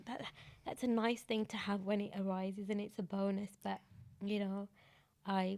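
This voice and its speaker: A woman's voice: medium pitch, level tone, normal speed, gravelly, a little mellow. A British woman from the UK, a podcast guest speaking earnestly and from the heart. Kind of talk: conversational interview.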